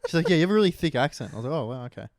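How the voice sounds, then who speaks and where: Young aussie guy on a podcast, voice a bit high, jumps all over when he talks, dry close sound. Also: rapid-fire, dry recording. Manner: animated storytelling with put-on doctor voice. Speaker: podcast co-host. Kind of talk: casual chat.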